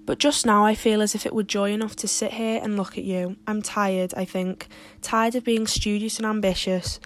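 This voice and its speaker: Earnest, ambitious teenage girl with impassioned, wordy speech, read plainly by a woman, mid pitch. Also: level tone, normal speed, lightly acted. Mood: joyful.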